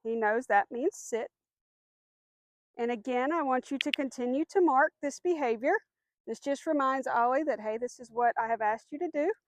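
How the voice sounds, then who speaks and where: A woman dog trainer giving a clear, patient lesson outdoors, with firm short commands. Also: sits high, normal speed, a little hiss or hum. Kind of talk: instructional demonstration.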